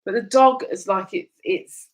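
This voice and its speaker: On her casual chat show, a woman tells stories with plenty of life and laughs often, keeping an easy, conversational tone. Her mid-range voice is a little slow, and the audio quality is poor.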